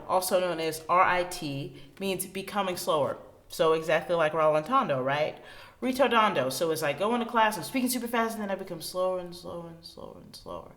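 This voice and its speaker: A woman music teacher giving a recorded lesson to children, chatty and enthusiastic, speeding up and slowing down to show tempos. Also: fairly low pitch, a bit bright. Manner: chatty, uses everyday examples.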